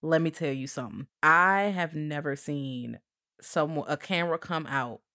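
A woman with a low voice, talking as a podcast co-host. Her tone is blunt and conversational, and she swears freely while giving her take on the film. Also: moderate pace, sharp tone. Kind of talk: casual movie recap chat.

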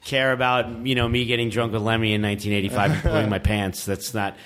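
A man, a podcast guest telling a long story in a casual, animated and profane way, laughing often. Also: on the low side, quick pace. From Queens, New York. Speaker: podcast guest, metal musician.

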